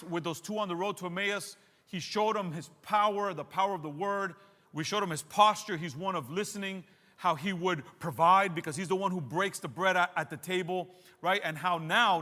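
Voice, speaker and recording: A man delivers a sermon in a high, bright voice, pressing his points with repeated phrases and calling out to the congregation. His words ring with the long reverb of a big church hall. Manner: emphatic, repeats phrases, addresses the congregation directly. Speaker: pastor. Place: church sanctuary.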